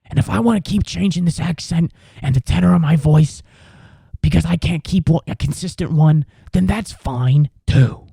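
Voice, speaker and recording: A man's voice: fairly high pitch, normal speed, gravelly, husky, no echo, clean studio sound, exaggerated voice. A man putting on a voice as a blustering, profane macho bro whose accent keeps shifting as he talks. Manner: defiant, profane, shouting rant.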